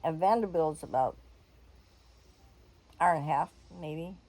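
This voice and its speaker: An older woman telling a personal story in a frank, animated way, laughing and swearing freely. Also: deep voice, measured pace, low-quality recording.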